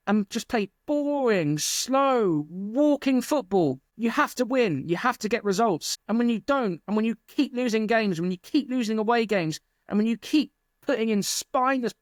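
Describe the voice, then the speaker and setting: A man's voice: sits high, no room sound, clean studio sound. A man ranting passionately and with exasperation as a football fan channel host. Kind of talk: angry fan rant to camera.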